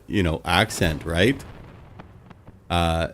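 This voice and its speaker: A man with a fairly low voice, chatting loosely with his stream viewers. He rambles from one story to the next with lots of "like" and "you know" along the way. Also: lively intonation, measured pace, long pauses, soft background music. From Canada. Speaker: live streamer. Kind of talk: casual chat with stream viewers.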